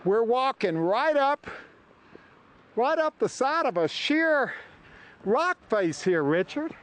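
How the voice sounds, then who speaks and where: A man's voice: very high-pitched, sing-song, slow pace, fairly bright tone, low-quality recording. A man hosting a travel show outdoors on a mountain trail, exclaiming eagerly and a little out of breath. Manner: enthusiastic, exclaiming. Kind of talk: on-location interviewing while hiking.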